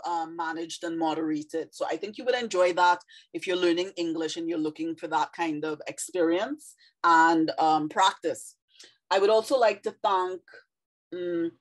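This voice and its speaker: A woman from Trinidad and Tobago speaks with a light Trinidadian accent, talking directly to her viewers in a casual, earnest way. Her voice sits a little on the low side, and her delivery stays chatty and heartfelt. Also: rough recording. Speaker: video creator.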